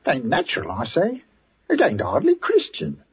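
Brief: a gravel-edged village grocer, older, superstitious, lively sing-song lines, lo-fi old radio sound. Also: male voice, on the high side, moderate pace, exaggerated voice. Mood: deferential. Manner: folksy, deferential, drops his g's. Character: older working-class male village greengrocer, superstitious. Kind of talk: 1940s radio acting.

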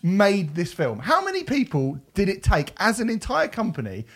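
A man co-hosting a casual film podcast, retelling scenes with lots of laughter. His voice sits a little high and leaps around in pitch. He talks in an animated, excitable way. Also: normal speed. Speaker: podcast co-host. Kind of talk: casual film review chat.

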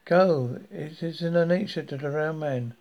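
Man reading a frosty old lady, slow-spoken, gravelly edge, slightly raised voice. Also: fairly high pitch, muffled recording. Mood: cold. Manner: cold, firm, measured. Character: cold, stern elderly woman protecting a siren.

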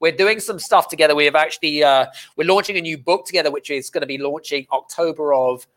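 A man hosting a podcast in a loose, friendly chat. His voice sits a little on the high side. He affirms his guest often and stretches his pauses with drawn-out fillers. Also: a bit bright. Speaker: podcast host. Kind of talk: casual conversational interview.

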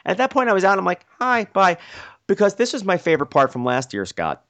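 A man hosting a podcast, telling a story excitedly and playfully mocking himself, often acting out what people said. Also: high-pitched, fast talker, creaky. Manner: excitable, self-mocking, acts out quotes. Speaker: podcast host. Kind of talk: animated storytelling.

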